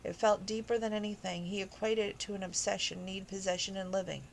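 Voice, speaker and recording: Woman, informal read-aloud, romance novel, emotional, personal asides, mid pitch, faint background ambience. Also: level tone, a little fast, gravelly, slight background noise, rough recording. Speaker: audiobook reader.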